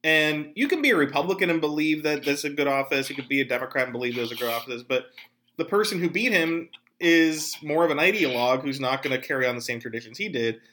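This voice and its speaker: Bright-voiced man hosting a podcast. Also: a little high, quick pace. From Pennsylvania. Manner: animated, jokey asides. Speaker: podcast host. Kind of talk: casual political chat.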